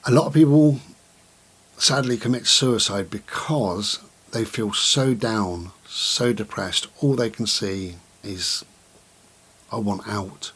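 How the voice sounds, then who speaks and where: Speaking gently and unhurriedly to the camera, a middle-aged vlogger reflects aloud, often pausing and repeating himself. His voice sits on the low side.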